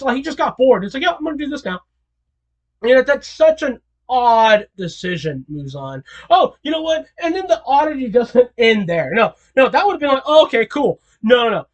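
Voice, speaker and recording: A man talking alone in a casual commentary, animated and incredulous, rambling with restarts and repeated questions. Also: very high voice. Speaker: video creator.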